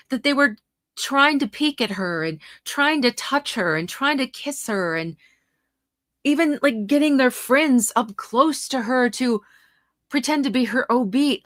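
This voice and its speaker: A woman's voice: fairly high pitch, a bit bright, no echo, studio quality. A middle-aged woman hosting a livestream, talking passionately and indignantly, reacting to her viewers' comments. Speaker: host.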